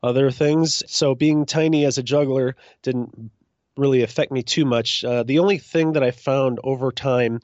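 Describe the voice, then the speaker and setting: A man in his forties from Minnesota, a juggler telling his story as a guest in a relaxed, self-deprecating way. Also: medium pitch, moderate pace, no echo, dull audio. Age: 40s. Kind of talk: casual interview.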